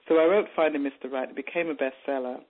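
A woman's voice: rumbling low, fast. A woman author, raised in England, tells her story in a radio interview and animatedly mimics the people she overheard. The sound is narrow and tinny, like a phone line. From born in Jamaica, raised in England. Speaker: author guest.

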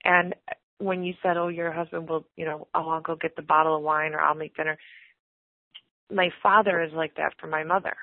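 A woman's voice: low voice, flat delivery, a little fast, no room sound. A married woman calling an advice show, talking hesitantly and rambling about her family. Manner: hesitant, rambling, laughs often. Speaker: caller. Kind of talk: call-in conversation. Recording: dry tinny phone line.

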